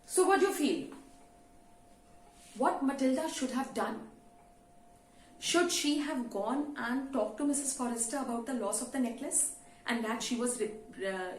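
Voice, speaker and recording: High-voiced woman teaching in a roomy space. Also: lively intonation, a little slow, pauses often. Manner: conversational, frequent "you know" fillers. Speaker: English teacher. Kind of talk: explaining a story to students. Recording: roomy with faint ambience.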